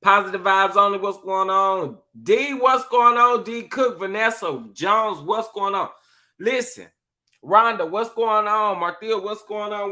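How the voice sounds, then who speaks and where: A man's voice: sits high, bright, forceful tone. A young man, a little tipsy and sassy, hosting a casual live stream, repeating his phrases with a drawl and greeting viewers in the chat. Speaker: livestream host.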